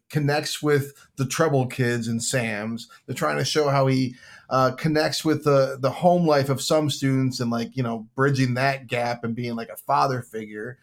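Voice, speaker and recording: A man in casual podcast chat, thoughtfully breaking down a film and laughing easily. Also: medium pitch. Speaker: podcast guest.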